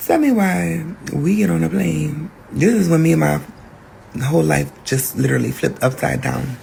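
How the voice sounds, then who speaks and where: A podcast host telling a personal story in a candid, profane, animated way. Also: male voice, on the high side, moderate pace, vocal fry, a little hiss or hum.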